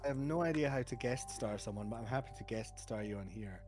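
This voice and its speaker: A man's voice: medium pitch, fast, a little mellow, soft background music. A man from Scotland with a Scottish accent, chatting casually on a live stream and telling stories with a joking manner. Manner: chatty, jokey storyteller who laughs often. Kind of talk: casual chat.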